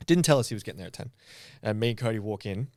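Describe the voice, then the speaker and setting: A man hosting a podcast, telling stories in an animated, swearing, laughing way. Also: on the low side, very fast, dry recording, clean studio sound. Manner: animated storyteller, swearing and laughing, acting out quotes. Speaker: podcast host. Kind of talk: casual chat.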